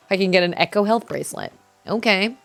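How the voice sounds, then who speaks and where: A woman's voice: medium pitch, moderate pace, vocal fry, a bit bright, faint music behind. A young woman streaming a game, chatting casually, reading chat aloud and yelping during fights. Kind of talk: casual gameplay commentary.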